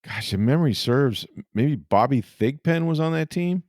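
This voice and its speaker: Gravelly man telling a rambling story. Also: medium pitch, lively intonation, moderate pace, darkish tone, no echo, studio quality. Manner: rambling, self-deprecating, laughs often. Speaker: podcast host and sportswriter. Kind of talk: casual storytelling chat.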